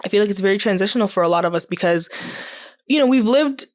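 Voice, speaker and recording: A woman's voice: medium pitch, animated, quick pace. A young adult woman hosting a casual podcast chat, playful and bubbly, laughing often. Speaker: podcast host.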